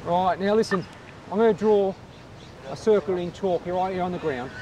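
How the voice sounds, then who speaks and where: A man playing a fed-up male police officer who rants gruffly. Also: high-pitched, normal speed, highs cut off, noisy background, lightly acted. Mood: exasperated.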